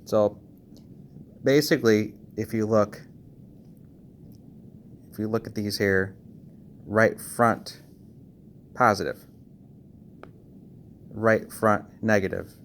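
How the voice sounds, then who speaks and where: A lower-voiced man walks through a car audio wiring job in a casual tutorial voice-over. He talks quickly and keeps checking in with "okay" and "all right." A faint hiss sits under the recording. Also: steady tone. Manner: talks fast, checks in with frequent okays. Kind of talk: casual screen-recorded how-to walkthrough.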